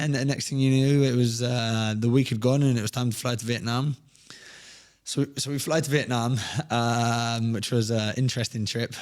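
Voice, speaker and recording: A man's voice: mid-range voice, darkish tone. Easygoing man telling stories. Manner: easygoing, rambling, many restarts. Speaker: guest, fitness coach. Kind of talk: casual storytelling.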